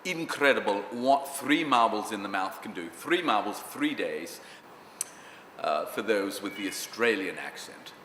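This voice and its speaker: Man as a low, unhurried, conceited voice coach; reverb-heavy hall sound. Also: animated, pushed and bright, a little hiss or hum. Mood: self-admiring. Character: vain male dialect coach, grandiose. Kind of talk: mockumentary interview acting.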